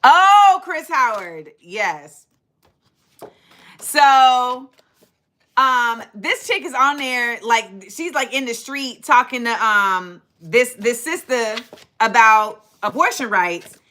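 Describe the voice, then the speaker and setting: A middle-aged woman hosting a livestream, telling stories in an animated, dramatic way and acting out quotes. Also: on the high side, slow pace. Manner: animated, dramatic retelling with acted-out quotes and laughter. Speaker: livestream host. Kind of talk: casual storytelling to a live chat.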